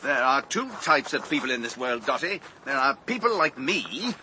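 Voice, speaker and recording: An actor playing a scheming, sneering villainous schoolmaster in a comic radio play. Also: male voice, medium pitch, very animated, sharp tone, slight background noise. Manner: smug, sneering, drawn-out menace.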